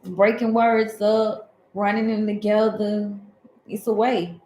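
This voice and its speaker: A woman's voice: medium pitch, little pitch movement, takes it slowly, dark tone, echoey room, poor audio. A woman from Alabama with a Southern accent, giving a rambling, conversational spiritual talk as a tarot host.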